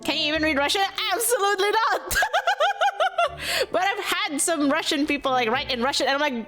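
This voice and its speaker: A woman streaming a game and chatting casually, expressive and exclamatory, laughing often. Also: sits high, brisk. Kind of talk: casual livestream commentary. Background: game music.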